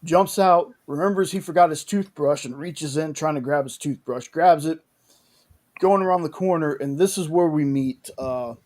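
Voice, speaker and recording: A man walks through a TV episode scene by scene, stopping and restarting his sentences as he goes. His voice sits a little high but has a mellow, soft tone. It comes across as relaxed, casual chat. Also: moderate pace. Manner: rambling, with many restarts and "like". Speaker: podcast host recapping a show.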